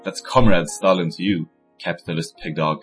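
Gloating domineering dictator read by a man, deep voice, mock-serious. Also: steady tone, normal speed, soft background music, natural voice. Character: domineering male Soviet dictator, crude and gloating.

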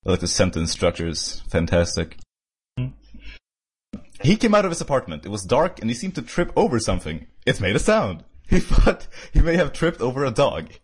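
A man's voice: mid-range voice, big pitch swings, normal speed, husky. A young man reading a fan story aloud to friends, breaking off with sarcastic, amused remarks. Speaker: reader. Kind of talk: mocking read-aloud of fan fiction.

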